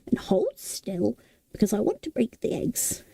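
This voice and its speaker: A stubborn, bossy old woman who speaks slowly and firmly, voiced by a woman reading aloud. Her voice is low, gravelly and mellow, recorded close and dry. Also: sing-song, no room sound, exaggerated voice.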